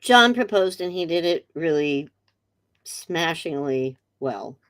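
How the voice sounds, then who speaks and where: A middle-aged woman, a guest in a casual interview, telling a story chattily with animated quotes. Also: low-pitched, slow pace. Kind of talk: casual video-call interview.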